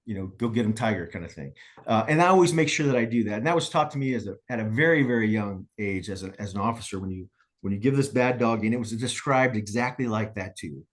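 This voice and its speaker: A man's voice: lowish voice, fast talker. A middle-aged man, a guest business coach, telling stories in a podcast interview and checking in with "right?" after his points. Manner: storytelling, frequent "right?" tag questions.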